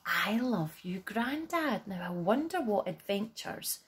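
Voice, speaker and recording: Slow, lively woman reading a bedtime story. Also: mid-range voice, a little hiss or hum. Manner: gentle, expressive and unhurried.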